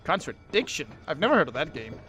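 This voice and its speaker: A young man casually commenting while playing a game, sarcastic and quick to swear. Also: fairly high pitch, very animated, sharp tone, slight background noise, rough recording. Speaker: let's play gamer.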